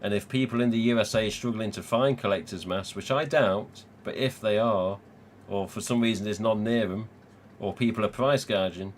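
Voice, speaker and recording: A man's voice: on the low side, moderate pace, hardly any pauses, slight background noise. A man from England hosting a live stream, chatting casually, swearing freely and laughing often. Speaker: livestream host.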